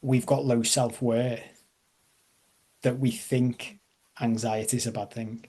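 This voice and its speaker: A man's voice: mid-range voice, little pitch movement, slow pace, dark tone, husky. A man leading a live online coaching masterclass, chatty and self-deprecating, checking in with his audience. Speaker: life coach.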